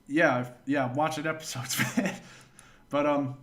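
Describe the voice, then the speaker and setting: A man with a slightly high voice tells a long, rambling story on his livestream. He swears freely and breaks off to thank viewers for donations. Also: fairly even intonation, unhurried, fairly bright tone. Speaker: streamer.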